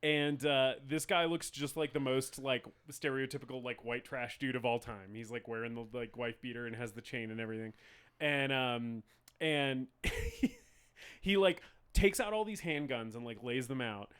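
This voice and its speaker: A man's voice: medium pitch, moderate pace, a bit bright, clear, resonant tone. A young man from rural Arizona co-hosting a film podcast, rambling with lots of fillers, swearing, laughing and acting out movie lines. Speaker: podcast co-host. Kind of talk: casual film podcast chat.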